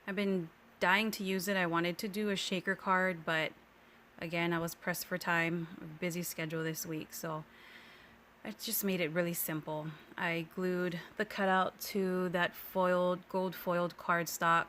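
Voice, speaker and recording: A woman's voice: fairly low pitch, little pitch movement, measured pace, a bit bright, slight background noise. A woman hosting a card-making tutorial, talking through her steps in a chatty, easygoing voice-over and correcting herself as she goes. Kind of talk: casual crafting voice-over. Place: home craft room.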